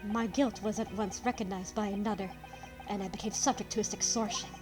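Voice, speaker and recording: A woman's voice: mid-range voice, steady tone, over music, lightly acted. Woman reading as a grave confessing nobleman. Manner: slow, halting, stumbles over words. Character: male gentleman writing a murderer's confession. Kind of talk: reading game dialogue aloud.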